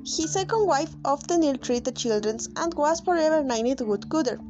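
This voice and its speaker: Young student girl reading a fairy tale, high voice, spanish first language, loud music behind. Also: lively intonation, moderate pace, poor audio. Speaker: student reader. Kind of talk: reading a story aloud.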